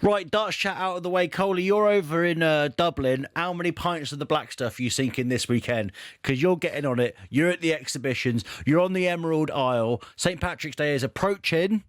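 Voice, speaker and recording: A man's voice: on the high side, fairly quick, few pauses, no room sound, studio quality. A young man hosting a casual chat, jokey and chatty. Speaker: podcast host.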